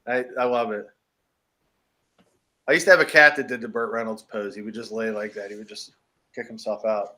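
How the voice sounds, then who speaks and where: An American podcast co-host with a lowish voice talks fairly quickly but pauses often. He's animated and jokey, laughing frequently while chatting casually about horror movies.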